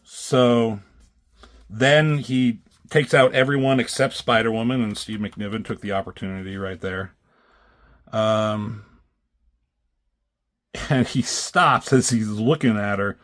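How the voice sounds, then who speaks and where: A man giving a loose, casual recap of comic book pages, swearing freely and pausing often with filler ums. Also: fairly low pitch, fairly even intonation, fairly bright tone.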